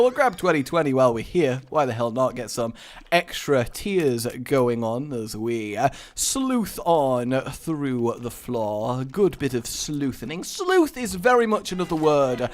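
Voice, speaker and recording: A man playing a video game while commenting, rambling playfully and breaking into sudden loud outbursts. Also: a little high. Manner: rambling, playful, quick to shout. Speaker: gaming commentator.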